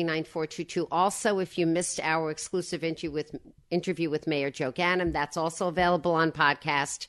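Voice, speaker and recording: Woman radio host, hoarse throaty low voice, chatty, digressive. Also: a bit bright. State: hoarse from a slight cold. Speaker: radio talk show host. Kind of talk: casual radio chat.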